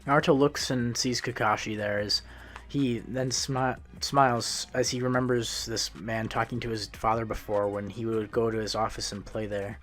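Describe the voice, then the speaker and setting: A man's voice: lowish voice, level tone, moderate pace, fairly bright tone, faint music behind. A man casually narrating a fan-made story, retelling it loosely with frequent restarts and self-corrections.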